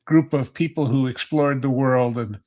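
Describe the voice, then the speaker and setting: A man's voice: mid-range voice, moderate pace, a little mellow. A man on a podcast panel telling rambling, nostalgic stories in casual chat.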